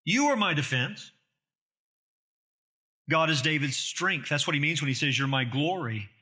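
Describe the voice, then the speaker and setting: A man's voice: fairly high pitch, expressive, normal speed, pushed and bright. A man preaching an expository sermon, earnest and emphatic, with rhetorical questions to the listeners.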